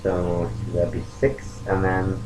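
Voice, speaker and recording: A man playing a tabletop game, casual and excitable. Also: sits low, slow. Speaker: player. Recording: noisy lo-fi recording.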